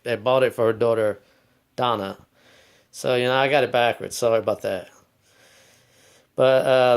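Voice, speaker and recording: A man hosting his own vlog, talking in a rambling, halting way, often stopping to correct himself and apologize, and sometimes calling himself by his nickname in the third person. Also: mid-range voice, smooth. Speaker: channel host. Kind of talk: casual vlog monologue.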